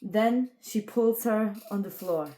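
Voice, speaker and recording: A woman narrating a homemade fan story, halting with pauses and fillers. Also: mid-range voice, mellow.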